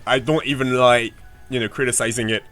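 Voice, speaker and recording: A man's voice: mid-range voice, fairly even intonation, fairly quick, a bit bright, faint music behind. A man streaming a game playthrough, chatting casually, rambling, swearing freely and answering his chat. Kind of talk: casual livestream commentary.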